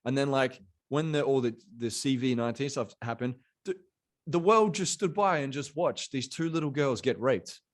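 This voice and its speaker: A man's voice: medium pitch, moderate pace. A man from Australia, talking in a casual podcast conversation, rambling and leaning on fillers like "you know" and "bro".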